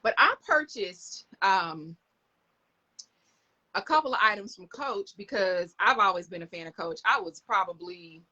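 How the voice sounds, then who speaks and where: A woman's voice: medium pitch, expressive, unhurried, bright, forceful tone, lo-fi sound. A middle-aged woman, chatting enthusiastically to viewers in a casual live stream, recorded on a phone camera.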